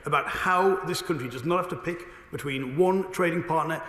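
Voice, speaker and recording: A man, a government minister, answering questions in a parliamentary debate with a brisk, assured delivery and a slightly hoarse voice. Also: on the high side, sharp tone. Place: debating chamber. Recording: echoey chamber with long reverb.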